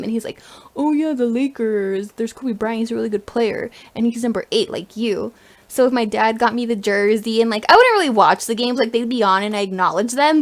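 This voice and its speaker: Animated young woman telling a story. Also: a little high. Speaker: podcast co-host. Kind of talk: casual chat and storytelling.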